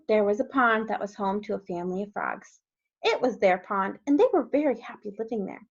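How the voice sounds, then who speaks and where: A woman, a kindergarten teacher, reading a storybook aloud to young children and gently asking them questions along the way. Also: mid-range voice, animated, fairly quick, creaky. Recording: dull lo-fi recording.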